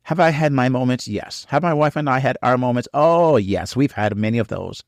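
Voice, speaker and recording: Man, middle pitch, earnest faith-based teaching, repetitive phrasing, frequent fillers, preacher-like emphasis, dry room. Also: normal speed, no echo. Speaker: podcast co-host on marriage.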